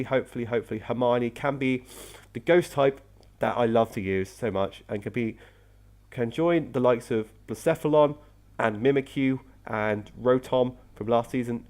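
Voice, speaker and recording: A man's voice: mid-range voice, darkish tone. A young man, casually commentating on his game team, chatty with frequent self-corrections. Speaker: competitive Pokémon player and video host.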